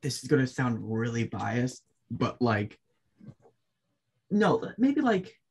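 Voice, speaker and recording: A man's voice: mid-range voice, takes it slowly, creaky, breathy edge. A man with a suburban Chicago accent co-hosting a podcast, teasing and chatty with many fillers. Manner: teasing, animated, lots of fillers. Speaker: podcast co-host. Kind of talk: casual podcast chat.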